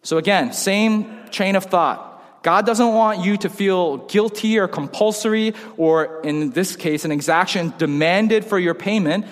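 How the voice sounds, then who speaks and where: A young man delivers a sermon in a slightly high voice, mixing scripture with casual jokes and lively personal stories. His words ring out with a long reverb from a church hall. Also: measured pace. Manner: casual, joking, animated storytelling. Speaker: pastor.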